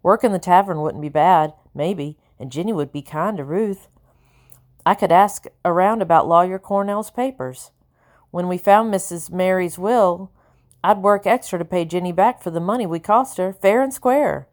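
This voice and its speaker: A woman reading a first-person audiobook in a measured, earnest storytelling manner. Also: lowish voice. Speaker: audiobook narrator.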